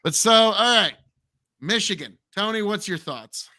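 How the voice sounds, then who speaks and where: A man from Nebraska co-hosts a relaxed panel show, trading teasing jokes with the others. His voice sits high and has a bright, sharp edge. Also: measured pace. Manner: joking, teasing banter. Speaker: co-host. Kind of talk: casual panel chat.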